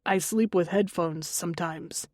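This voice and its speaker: A woman voicing a tired grown son who speaks with quiet, steady reassurance in an audiobook. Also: fairly low pitch, a little slow, dry recording, clean studio sound. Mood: calm.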